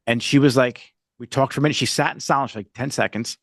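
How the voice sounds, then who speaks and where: A man's voice: medium pitch, fairly even intonation, quick pace, vocal fry, a bit bright, no room sound, clean studio sound. A middle-aged man hosting a casual podcast chat, talking loosely with frequent restarts. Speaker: podcast host.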